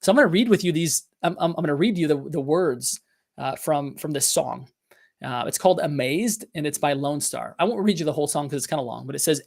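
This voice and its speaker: A middle-aged man hosts a business podcast with a fairly quick, gravelly voice on the high side. His motivational business talk comes across as earnest and confessional, full of fillers and restarts.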